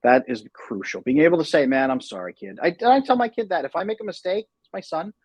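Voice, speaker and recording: Husky-voiced man, animated and earnest. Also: high voice, fast, dry recording, poor audio. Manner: animated, acts out quoted dialogue in lively voices; earnest, explanatory. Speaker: attachment specialist guest. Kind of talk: casual podcast interview.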